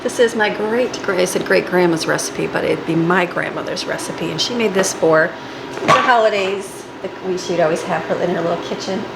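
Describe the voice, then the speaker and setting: A homemaker and mom bakes in her home kitchen while chatting casually for a vlog, rambling and laughing often as she works. Her voice is fairly low, fairly quick and creaky, and the kitchen recording is noisy.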